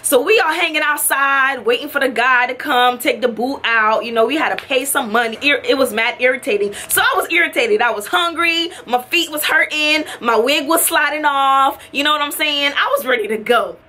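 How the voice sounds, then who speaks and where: A woman's voice: high voice, moderate pace, hardly any pauses, pushed and bright, slight background noise. A young woman, a makeup artist, telling a story to her camera in a casual vlog, acting out both sides of the conversation and laughing often. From Florida. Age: young adult.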